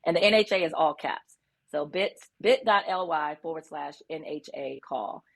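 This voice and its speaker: A woman doctor talks in a somewhat low voice, earnest and a bit halting, with frequent ums. She sounds warm and sincere. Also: vocal fry. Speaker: guest, physician. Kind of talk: interview.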